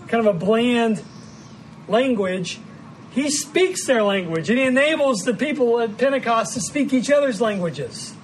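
A man from the American Midwest with a Midwestern accent, preaching an earnest, measured sermon as pastor and often repeating words as he finds his phrasing. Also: extremely high pitch, slight background noise, poor audio. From Midwestern United States.

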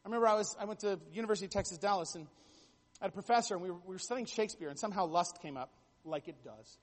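A man's voice: high voice, racing, big-room sound. A man preaching a sermon, telling stories with jokey asides and building to emphatic bursts. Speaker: pastor.

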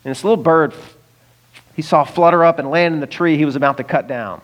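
A man's voice: a little high, a little fast. A man from the United States preaching a sermon in a conversational way, with chuckles and direct asides to the listeners. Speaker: pastor.

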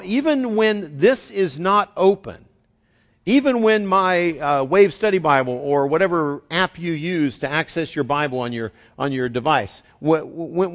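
Earnest male pastor, dull recording. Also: fairly high pitch. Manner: earnest, conversational, frequent restarts and repeated words. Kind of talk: sermon.

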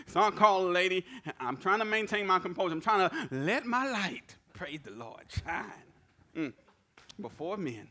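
A man's voice: fairly high pitch, normal speed. A male pastor preaching a sermon, telling personal stories in a conversational way and often asking "right?". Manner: animated storytelling with personal anecdotes; conversational, repeats words and asks "right?".

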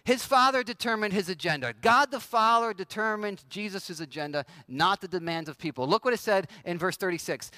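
A man's voice: sits high, fairly quick, few pauses, sharp tone, no echo. A man preaching a sermon in a conversational way, often acting out quoted voices. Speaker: pastor.

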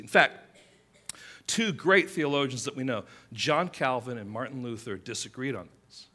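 Bright-voiced animated male pastor. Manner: animated, acts out quotes with rising pitch and volume. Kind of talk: sermon.

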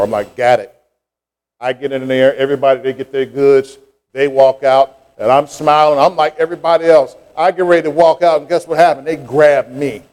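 A man's voice: mid-range voice, steady tone, moderate pace, darkish tone. A middle-aged man, preaching a sermon and telling a childhood story with rising fervor. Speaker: pastor.

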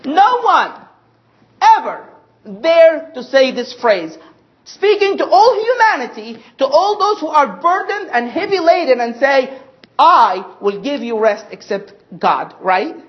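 A woman's voice: high voice, big pitch swings, lo-fi sound. Emphatic woman preaching. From Egypt. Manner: emphatic, slows and stresses quoted scripture. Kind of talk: sermon.

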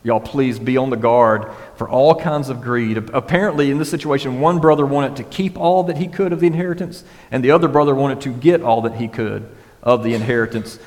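A man's voice: mid-range voice, a little fast. Casual preaching man in a reverberant hall. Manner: casual, conversational preaching with frequent "right?" and "y'all". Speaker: pastor. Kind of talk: sermon.

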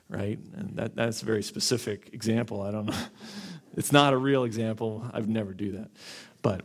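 A man preaching an expository sermon as pastor, talking deliberately and repeating key phrases. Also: on the low side.

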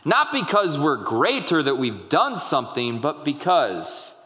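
A pastor preaching in a church sanctuary, his slightly raised voice carrying a long hall reverb. He tells stories the way he would chat, breaking off to check in with the congregation. He is a young adult man speaking with easy warmth from the pulpit. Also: fairly high pitch, sing-song, measured pace. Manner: conversational storytelling with asides to the congregation. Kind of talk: sermon.

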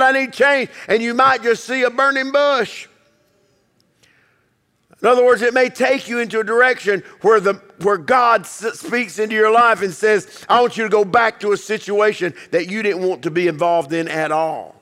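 A man preaching a sermon as pastor, emphatic, acting out quoted voices and dropping low to quiet passages. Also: steady tone, normal speed, big-room sound.

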